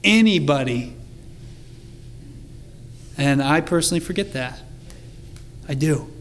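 A man's voice: on the high side, lively intonation, slow pace, a little hiss or hum. A man preaching a sermon in an earnest, conversational way, reading scripture aloud with emphasis. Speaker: pastor.

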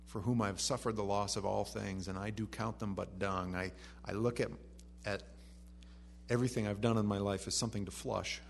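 A man preaching a sermon. He reads scripture softly and then rises to animated emphasis. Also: on the low side, a little fast, gravelly, a little hiss or hum.

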